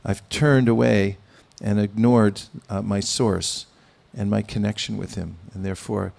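Gravelly-voiced man giving a measured sermon. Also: on the low side, fairly even intonation. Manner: measured, pausing, with gentle humor. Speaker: spiritual teacher. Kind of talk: sermon with anecdotes.

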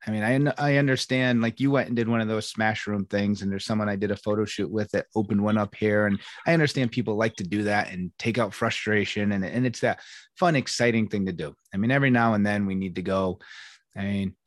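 A man's voice: on the low side, steady tone, a little fast, no room sound, studio quality. A man hosting a podcast as a coach, talking casually and rambling with frequent restarts. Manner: rambling, with many restarts and "I mean". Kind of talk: casual conversation.

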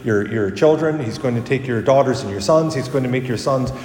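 Heard from afar in an echoing church, a priest delivers a homily at a brisk clip and medium pitch. He speaks conversationally, corrects himself, and grows animated whenever he quotes someone.

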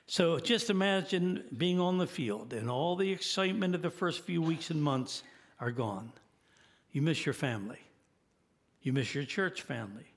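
An eighty-year-old man delivers a sermon with an earnest, pleading tone that swells into emphatic calls to his listeners. His voice sits a little higher than most men's. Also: lively intonation, normal speed. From United States. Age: 80s. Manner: earnest, rising to emphatic exhortation. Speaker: guest preacher.

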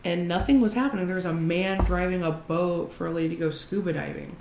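A female podcast co-host recapping animatedly in casual chat, with some easy swearing. Her low voice carries a gravelly fry. The room is echoey, with faint background noise. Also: quick pace, over music.

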